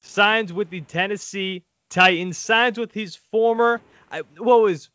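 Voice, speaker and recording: Brief: male podcast host, high voice, crude and animated, dry lo-fi sound. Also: measured pace, no echo. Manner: animated, crude, laughing asides. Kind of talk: casual sports podcast chat. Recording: dull lo-fi audio.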